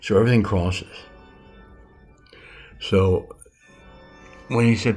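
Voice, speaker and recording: Gravelly old man teaching rambling. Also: fairly low pitch, a little mellow, faint music behind. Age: 70s. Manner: halting, rambling, self-correcting. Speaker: self-styled metaphysics teacher. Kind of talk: casual rambling spiritual lesson.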